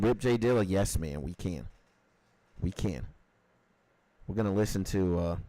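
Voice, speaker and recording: Male livestream host, casual profane ranter, lively pitch, dry close mic. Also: no echo, low-quality recording. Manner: animated, profane, repeats "like".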